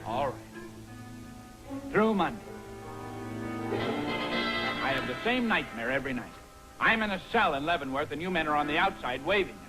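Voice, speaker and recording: High, jumpy, flustered army major scolding his men, music underneath. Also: lively intonation, measured pace, long pauses, poor audio. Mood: exasperated. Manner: exasperated, scolding, easily rattled. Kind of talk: 1950s film comedy acting.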